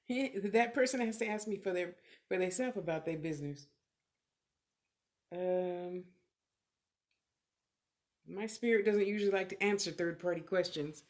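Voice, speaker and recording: A middle-aged clairvoyant medium from California speaks in a lowish, slightly slow voice with long pauses. On a live stream of motivational talk and readings, she answers viewers candidly in short, reflective bursts and swears freely.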